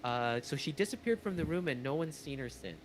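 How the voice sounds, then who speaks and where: Halting game master with a slightly high voice. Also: male voice, expressive, a little hiss or hum. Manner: halting, lots of uhs and restarts. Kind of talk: narrating a tabletop game.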